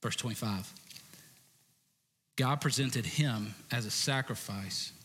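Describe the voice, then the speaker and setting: A man preaching a sermon as pastor, conversational with jokey asides and sudden shouted bursts. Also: mid-range voice, slow pace, long reverb tail, a little hiss or hum. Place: church stage.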